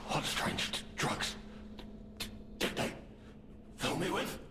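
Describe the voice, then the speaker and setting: Guy voicing a scared, broken video game survivor, slow, high-ish voice, loud ambient hum behind him. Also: lightly acted. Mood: rambling. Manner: pleading, broken, trailing off and repeating words. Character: terrified, rambling male survivor, half-drugged and breaking down. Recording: game audio over loud ambient noise.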